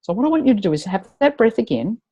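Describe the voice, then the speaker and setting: A woman's voice: mid-range voice, sing-song, quick pace, slightly rough, muffled recording. A woman leading a live tapping webinar, chatty and encouraging as she guides her attendees.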